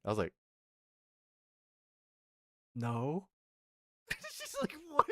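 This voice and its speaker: A young man streamer telling a story in a casual rant, animated and swearing, acting out what people said. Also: medium pitch, slow, long pauses, no room sound, clean studio sound.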